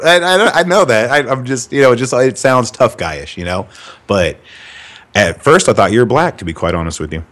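A man's voice: medium pitch, lively intonation, normal speed, fairly bright tone. A young man from California, cohosting a casual podcast chat, rambling and cursing freely. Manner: profane, rambling. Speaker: podcast host.

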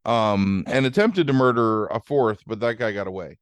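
A man's voice: lowish voice, moderate pace, smooth, dry recording. A man hosting a podcast, casually recapping a movie plot with lots of fillers and easy swearing. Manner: rambling, fillers, swears freely. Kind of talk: casual chat.

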